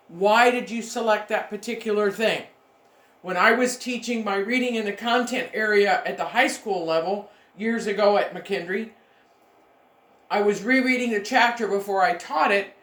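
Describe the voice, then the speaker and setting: A middle-aged woman giving a recorded online lecture to her students as a university education instructor, emphatic and direct, repeating her key points. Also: mid-range voice. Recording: echoey room.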